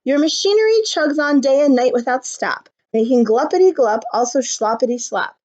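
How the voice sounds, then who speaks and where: A woman's voice: high-pitched, expressive, moderate pace, a little mellow. A woman voicing a grumpy little male forest creature, scolding in a raised, cross voice. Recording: slightly muffled recording.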